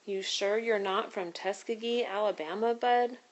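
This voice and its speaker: A woman's voice: medium pitch, steady tone, moderate pace, lo-fi sound, lightly acted. A woman reading as a teasing older man. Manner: playful, teasing. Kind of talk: read-aloud storybook dialogue.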